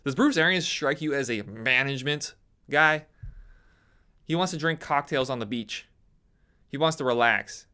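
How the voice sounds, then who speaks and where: A young man giving an opinionated sports talk monologue, animated and ranting, his voice leaping up when he mocks others. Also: medium pitch, moderate pace, pauses often, clear, resonant tone. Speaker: sports commentator.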